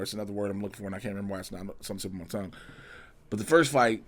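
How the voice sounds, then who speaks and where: A man giving a casual movie review in animated, profane, slangy talk. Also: on the low side, racing.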